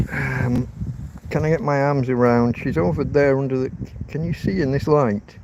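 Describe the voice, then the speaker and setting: An older Englishman livestreams outdoors under an umbrella, rambling casually and swearing now and then. His mid-range voice keeps a fairly even intonation at a normal pace. He's recorded from a distance, with loud background noise.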